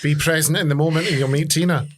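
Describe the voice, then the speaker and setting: Male comedian co-host, quick teasing asides, voice a touch high. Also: fairly even intonation. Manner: quippy, teasing. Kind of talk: casual interview chat.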